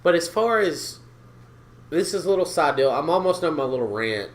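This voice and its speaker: A man co-hosts a podcast in casual, profane chat. He's animated, swears a lot and acts out the people he quotes, speaking at normal speed in a voice on the high side.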